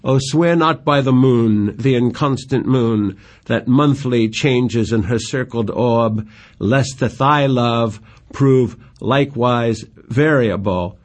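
A man reading Juliet, an earnest young woman in love, in slow tender verse recitation. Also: mid-range voice, close to an everyday voice.

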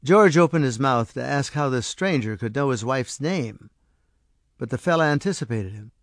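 A man calmly narrating a story aloud. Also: medium pitch, moderate pace, dry recording, studio quality. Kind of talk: storybook reading.

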